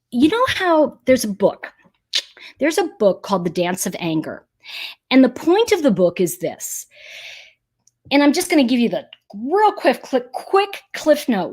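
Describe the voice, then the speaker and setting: A woman hosting a live stream, speaking casually and emphatically while reading viewer comments and giving spiritual, energy-focused advice. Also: a little high. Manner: animated and emphatic, acts out quoted voices.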